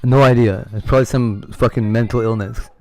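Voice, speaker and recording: A man's voice: medium pitch, steady tone, a little fast, dry recording, soft background music. A man chatting casually on a livestream, rambling and candid, swearing freely. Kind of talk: casual chat.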